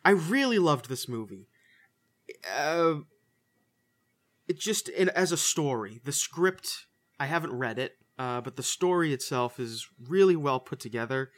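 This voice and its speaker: A man's voice: medium pitch, expressive, a little slow. A man casually reviewing a movie on a podcast, loose and profane, full of fillers and restarts. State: says he is a little high. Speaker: podcast co-host.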